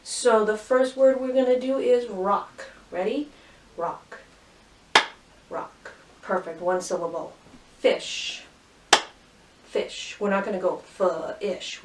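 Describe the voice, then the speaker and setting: A woman teaching a phonics lesson to young children, cheerfully sounding out words and syllables slowly and clearly. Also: medium pitch, recorded from a distance, very noisy. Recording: roomy echo, voice from off mic.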